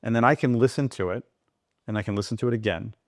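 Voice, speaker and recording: A man speaking as a podcast guest, animated and digressive, talking in quick bursts. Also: on the low side, no echo, clean studio sound. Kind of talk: conversational interview.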